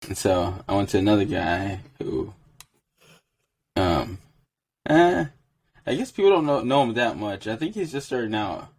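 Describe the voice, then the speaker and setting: A man's voice: on the low side, very animated, measured pace, long pauses, darkish tone, breathy edge. A man hosting a podcast in casual chat, loose and chatty, with frequent laughs and filler words. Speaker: podcast host.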